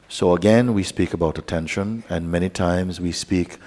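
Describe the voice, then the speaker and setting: Deep-voiced man, spiritual teacher, calm meditative guidance with dry playful asides, long hall reverb. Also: moderate pace, few pauses. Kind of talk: guided meditation talk.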